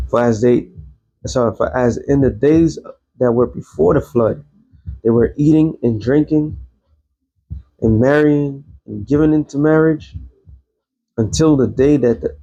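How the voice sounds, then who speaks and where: A man's voice: mid-range voice, warm tone, slightly rough, dull audio. A man giving a casual, rambling religious commentary as an online host, blunt and quoting scripture.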